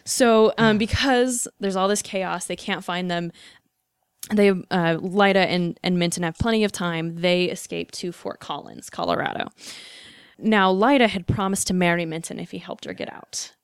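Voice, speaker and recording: Chatty woman with a smooth voice. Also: fairly low pitch, moderate pace, no room sound, studio quality. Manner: chatty, with frequent likes and ums. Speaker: podcast host. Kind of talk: casual storytelling chat.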